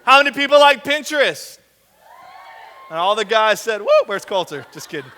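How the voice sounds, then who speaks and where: A man's voice: very high-pitched, moderate pace, clear, resonant tone. A young man giving a casual, joking sermon to young adults and an audience in a large hall. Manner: joking, conversational, with animated voiced asides. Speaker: young adult ministry director. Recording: long hall reverb.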